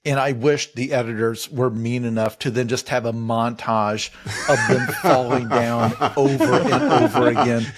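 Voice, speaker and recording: A man's voice: mid-range voice, moderate pace. A man co-hosting a comedy podcast, riffing in a rambling way, laughing through his words. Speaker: podcast co-host. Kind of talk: casual comedic chat.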